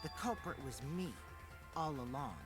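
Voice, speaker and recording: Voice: mid-range voice, lively intonation, normal speed, soft background music, lightly acted. An actor playing a mischievous teenage boy liar in dubbed game dialogue, glib and playful. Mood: teasing.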